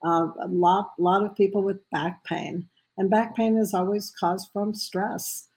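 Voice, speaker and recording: A woman's voice: mid-range voice, steady tone, measured pace, darkish tone, low-quality recording. A woman answering interview questions as a guest, hesitant and filler-heavy. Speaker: guest, medical intuitive.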